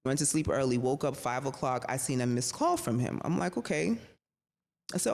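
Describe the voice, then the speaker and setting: A woman's voice: sits low, a little fast, vocal fry. A woman guest on a podcast telling a personal story in a casual, slangy and profane way, acting out the voices of the people in it. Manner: animated, acts out quoted voices, slangy and profane. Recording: reverberant room with faint noise.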